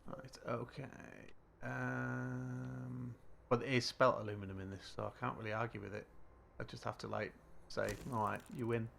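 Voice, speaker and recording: A man's voice: medium pitch, completely flat delivery, normal speed, gravelly, fairly bright tone, slight background noise. A British man streaming a game live, talking to himself in a casual, muttering way as he plays. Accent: British English. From Britain. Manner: muttering to himself while playing.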